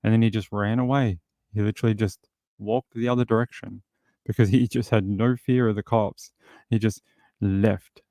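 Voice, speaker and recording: A man's voice: lowish voice, steady tone, normal speed, warm tone, no echo, clean studio sound. A man hosting a true crime show, commenting casually and wryly on news clips and mimicking the people in them. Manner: rambling, wry, mimics people in silly voices.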